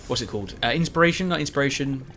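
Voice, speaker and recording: A man's voice: medium pitch, animated, rapid-fire, a bit bright, faint music behind. A man giving chatty, rambling commentary over his own recorded gameplay, joking at his own expense. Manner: chatty, rambling, self-mocking. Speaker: Let's Play commentator.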